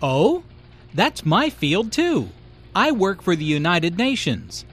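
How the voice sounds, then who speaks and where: A man reading a friendly adult in a scripted dialogue for English learners, with clear, polite delivery. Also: high-pitched, big pitch swings, slow pace, a bit bright, heavily acted.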